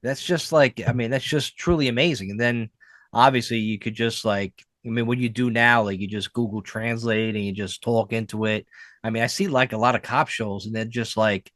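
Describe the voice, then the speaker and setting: A man's voice: mid-range voice, moderate pace, no room sound. Casting: male podcast co-host, rambling, easygoing, dry close mic. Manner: rambling, lots of fillers, animated storytelling. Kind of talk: casual chat.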